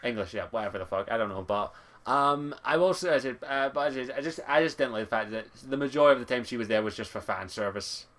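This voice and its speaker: A man's voice: mid-range voice, fast talker, a bit bright. A man with a Scottish accent, a guest in a casual podcast chat, talking bluntly and swearing freely.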